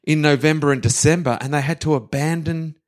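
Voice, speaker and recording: A man co-hosting a casual history podcast, telling the story with animated flair and quick voices for the people in it. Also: a little high. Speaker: podcast co-host.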